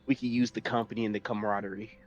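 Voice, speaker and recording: A man playing a tabletop game, excitable and quick to laugh loudly. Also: lowish voice, dull audio, soft background music. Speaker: player. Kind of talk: tabletop role-play.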